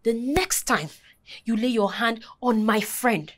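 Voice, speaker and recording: A fierce Nigerian friend, high and lively. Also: female voice, slow pace. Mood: scornful. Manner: confrontational, sarcastic, sharp. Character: bold, fiercely protective young woman friend. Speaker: protective friend confronting an abusive husband. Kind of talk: film acting.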